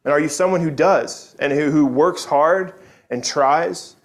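Male preacher, slightly high voice, earnest and conversational, restarts often. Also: unhurried. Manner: earnest, conversational, frequent restarts and tag questions. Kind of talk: sermon.

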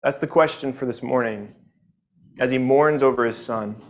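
A man teaching a Sunday morning Bible lesson in an earnest, conversational way. He often doubles back on his words while thinking, and his voice sits at an ordinary middle pitch. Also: normal speed.

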